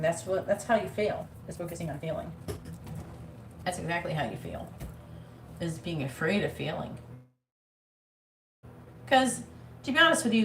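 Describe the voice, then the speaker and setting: During a live-streamed tarot reading, a plain-spoken psychic swears freely and does impressions of nagging people. Her pitch is fairly low, and the echoey room carries faint ambience plus a little hiss or hum.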